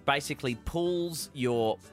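A man's voice: mid-range voice, a little slow, faint music behind. A man hosting a party game on a show, playful and keeping the game moving.

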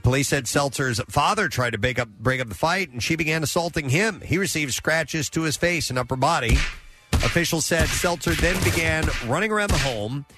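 A man's voice: fairly high pitch, lively intonation, brisk, pushed and bright, soft background music. A man hosting a casual talk show, reading odd news stories aloud with frequent uh fillers and self-corrections. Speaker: news segment host.

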